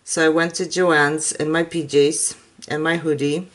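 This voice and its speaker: A woman with a low-pitched, flat voice speaks at a measured pace in English, which is not her first language. Hosting a craft channel, she chats casually and laughs often while demonstrating a craft project.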